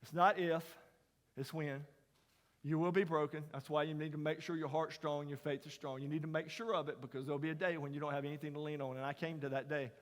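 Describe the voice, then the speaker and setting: Middle-aged guy preaching, high-ish voice, big echoey chapel, tells it like a story. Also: fairly even intonation, quick pace. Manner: folksy, dramatic storyteller, drops to whispers and rises to near shouts. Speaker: chapel speaker. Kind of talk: storytelling sermon. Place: large university chapel. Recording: long hall reverb.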